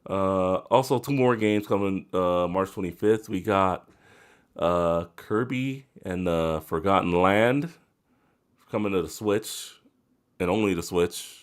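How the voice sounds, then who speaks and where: A man's voice: sits low, takes it slowly, clear, resonant tone. A man hosting a gaming podcast, casually running through release dates with frequent fillers and laughs. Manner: laid-back, reads release list with fillers. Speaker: podcast host. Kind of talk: casual chat.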